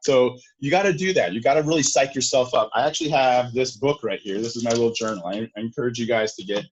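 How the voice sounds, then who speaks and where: Male guest, casual energetic talker, a bit husky, lo-fi sound. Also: medium pitch, fast talker. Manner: animated, filler-heavy, acts out quotes. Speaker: sales guest. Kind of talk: casual interview talk. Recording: dull lo-fi sound.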